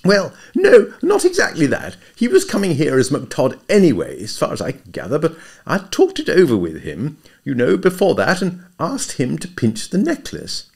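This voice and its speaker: A dim young upper-class English gentleman, plaintive and easily flustered, as a man puts him on. His voice sits high and swoops wildly from note to note. He gushes in eager, breathless bursts. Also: wildly swooping pitch, moderate pace, vocal fry, husky, full character voice. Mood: rambling.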